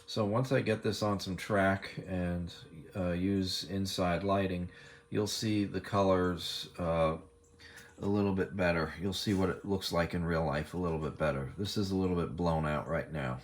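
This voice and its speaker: A man's voice: deep voice, normal speed. A man casually narrating a walk-around of his own work while filming it on his phone in his kitchen, with lots of fillers. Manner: relaxed, many fillers, talks while filming. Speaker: model train hobbyist showing his work. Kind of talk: casual show-and-tell narration. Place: home kitchen, indoors. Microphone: phone camera held while filming.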